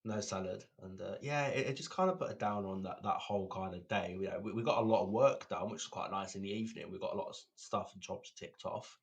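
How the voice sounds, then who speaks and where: A man's voice: fairly low pitch, fast, hardly any pauses. A man co-hosting a podcast in casual chat, rambling and repeating words. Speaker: podcast co-host.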